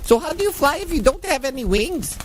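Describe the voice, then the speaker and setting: A woman's voice: sits high, very animated, brisk, slight background noise. A woman voicing a scatterbrained, chirpy little cartoon bird.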